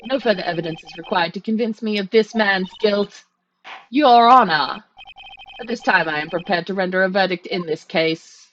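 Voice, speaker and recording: A woman voicing a stern, fussy elderly male judge who speaks loudly and formally. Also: medium pitch, moderate pace, muffled recording, a little hiss or hum, close to an everyday voice. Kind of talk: reading a game aloud. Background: game music.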